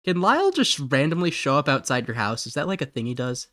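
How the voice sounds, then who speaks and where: A man's voice: medium pitch, sing-song, fast, bright, forceful tone, dry recording, clean studio sound. A man from Ohio chatting casually while streaming a game, rambling, giggly and correcting himself as he goes. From Ohio, USA. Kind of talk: casual live-stream chat.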